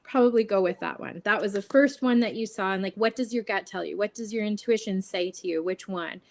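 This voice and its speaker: A woman shop owner chatting as a guest in an interview, her voice at an everyday middle pitch. She speaks earnestly and encouragingly, running on in a friendly, chatty way. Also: fairly quick. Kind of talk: casual interview chat.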